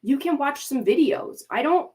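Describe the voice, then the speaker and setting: A woman's voice: sits high, animated, moderate pace, darkish tone. A woman hosting a livestream, ranting in exasperated, emphatic commentary, swearing freely and breaking off to talk to her chat. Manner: talks to chat and mods mid-rant. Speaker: livestream host.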